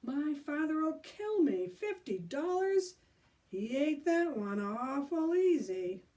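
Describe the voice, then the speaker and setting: A woman's voice: high voice, sing-song, slow pace, mellow, distant mic, pitched above the performer's own voice, heavily acted. A woman voicing an anxious young boy who frets and worries. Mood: worried. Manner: fretful, worried.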